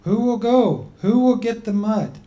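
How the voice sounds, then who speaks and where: A man's voice: high voice, animated, unhurried, dark tone, voice pushed up. A man voicing a crowd of worried animal people who keep asking who will fetch the mud, in a raised, pleading voice. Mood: urgent. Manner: pleading, repeating questions.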